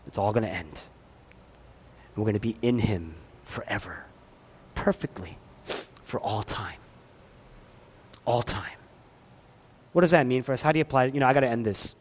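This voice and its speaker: A pastor preaching a sermon, swinging between loud emphatic lines and hushed ones, with chatty asides to the congregation. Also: male voice, on the low side, normal speed, long pauses, breathy edge.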